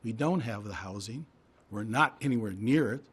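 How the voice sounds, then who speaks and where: A man speaks at a podium microphone in a public hearing room. His voice is hoarse and husky from a voice that is giving out. He argues with emphatic, indignant force and piles up rhetorical questions. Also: lowish voice, moderate pace.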